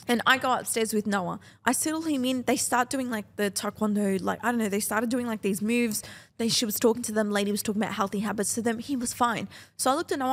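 A young woman tells a chaotic story on a podcast. Her voice sits a little high, and she swears freely and acts out what everyone said. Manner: animated, swearing, acts out other people's lines. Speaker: podcast co-host. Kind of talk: casual storytelling chat.

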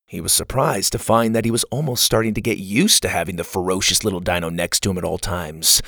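A man narrating a children's adventure story in an expressive, animated way. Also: low voice, a little fast, vocal fry, hardly any pauses, no echo, studio quality.

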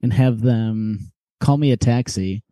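A young man co-hosting a podcast tells a long story in casual chat, speaking a little slowly in a lowish voice. He's animated, acting out the people and their quoted voices and laughing often, and the recording is dry.

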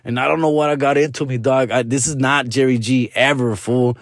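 A man tells a casual, animated story, full of profanity and slang, switching between Spanish and English. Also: medium pitch, a little fast, no room sound, studio quality. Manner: animated, with frequent street-slang tags.

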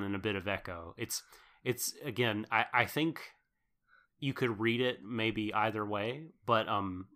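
A man's voice: fairly low pitch, sharp tone. A man co-hosting a podcast, recapping a show episode in casual chat, rambling with fillers and laughing often. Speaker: podcast co-host.

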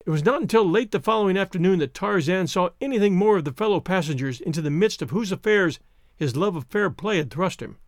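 A man reading an adventure novel aloud as narrator, in a theatrical, expressive way. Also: high voice, dry recording, clean studio sound. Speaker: audiobook narrator. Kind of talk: scripted narration.

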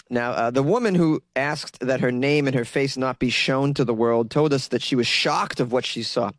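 This young man from Massachusetts, with an accent to match, riffs sarcastically on an odd news story as a comedic commentator and laughs at his own jokes. His voice is mid-range, his speed normal, with few pauses and no echo.

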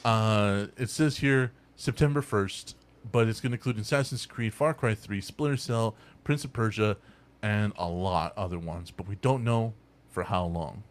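A young man hosting a casual podcast, telling an animated, profane story and acting out the people in it. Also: fairly low pitch, normal speed. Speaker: podcast host.

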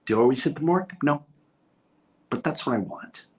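A man in his fifties from New York, a podcast host chatting casually and telling stories in a rambling, animated way. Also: mid-range voice, normal speed, breathy edge. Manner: rambling, animated storytelling with restarts. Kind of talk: casual chat.

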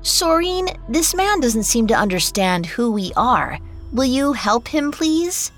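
A self-assured young prince, voiced by a woman narrator speaks plainly and politely, his pitch lifting well above the storyteller's own. He sounds slow and lively in pitch. Faint music plays underneath. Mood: calm, earnest. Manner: calm, simple and courteous.

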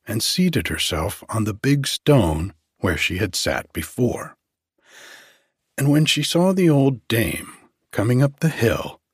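Slow, husky male bedtime storyteller. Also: lowish voice, no room sound, clean studio sound. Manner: calm, measured.

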